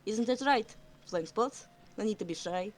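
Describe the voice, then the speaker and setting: A woman voicing a smooth-talking, manipulative male warrior cat in a tabletop game, coaxing and hushing in a falsely sweet way. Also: medium pitch, lively intonation, moderate pace, lightly acted. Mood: sly.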